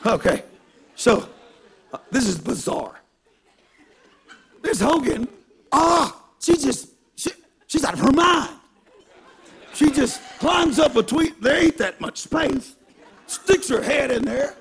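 A man preaching a sermon through a self-mocking story, animated and given to bursts of shouting. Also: very high voice, slow, creaky, pauses often.

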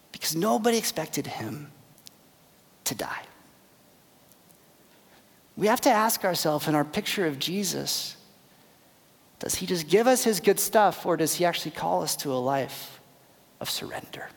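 High-voiced pastor preaching in a hall. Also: male voice, lively intonation, moderate pace, vocal fry. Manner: dramatic, rising to loud emphasis and dropping to near whispers. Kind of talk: sermon.

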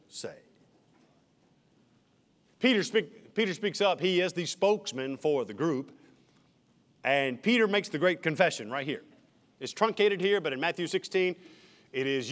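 Man, senior pastor preaching from the pulpit, fairly high voice, big reverberant church sound. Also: expressive, moderate pace, pauses often, a bit bright. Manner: emphatic preaching with shifting dynamics. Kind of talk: sermon. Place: church sanctuary.

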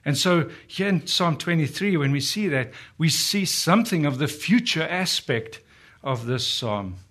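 A man preaching a sermon, earnestly asking his listeners questions and slowing down to dwell on the scripture he quotes. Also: a little high, lively intonation, a bit bright. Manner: earnest, rhetorical questions to the congregation.

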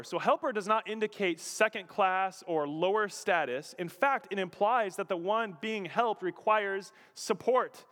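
A man preaching a sermon as pastor, lively, acting out quotes and putting questions to the congregation. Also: high-pitched, measured pace, few pauses, long reverb tail. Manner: animated, acts out quotes, asks the audience questions.

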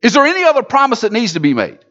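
Man, pastor, high voice, emphatic sermon, loud then hushed, muffled lo-fi sound. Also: wildly swooping pitch, rapid-fire. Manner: preaching with swings from loud to hushed.

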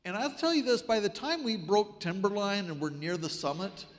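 A man preaching a sermon, telling a story with wry, animated delivery. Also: sits high, moderate pace, long reverb tail.

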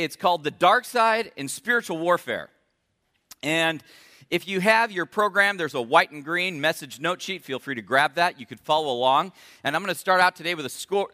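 A man's voice: a little high, bright, forceful tone. A man preaching a sermon as a pastor in a church, friendly and asking his congregation questions. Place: church sanctuary. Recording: echoey church hall.

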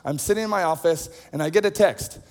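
A man's voice: on the high side, quick pace. A man preaching a sermon, telling everyday stories in a chatty, self-deprecating way. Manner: conversational storytelling with self-deprecating humor. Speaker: pastor. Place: large auditorium. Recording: long hall reverb.

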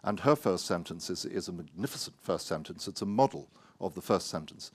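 A man, an author, giving a wry, anecdotal talk full of hesitant pauses and self-mocking asides. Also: low-pitched, animated, breathy edge, no room sound.

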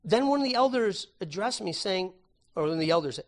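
A man preaching with a fairly high voice. He reads scripture aloud and moves between loud, emphatic lines and quiet, hushed asides. His talk is conversational, with repeated words and self-corrections. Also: expressive, brisk. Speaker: pastor. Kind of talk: sermon.

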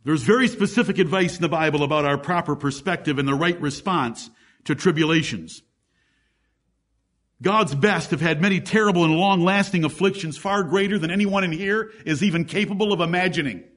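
High-voiced man preaching with fervor. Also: a little fast, a bit bright. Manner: emphatic preaching, rhetorical questions, lists scripture examples. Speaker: pastor. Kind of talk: sermon.

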